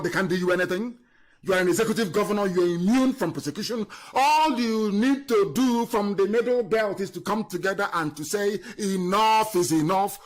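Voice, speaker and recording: A man giving an impassioned political speech on a live broadcast, scornful and fiery, swinging from loud declarations to low muttering. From Nigeria. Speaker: activist leader on a live broadcast.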